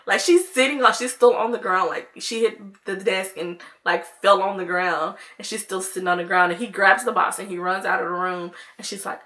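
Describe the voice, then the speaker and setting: Bright-voiced young woman telling a storytime. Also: medium pitch, a little fast, few pauses. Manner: chatty, lots of "like", addresses viewers as y'all. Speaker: vlogger. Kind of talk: casual storytime.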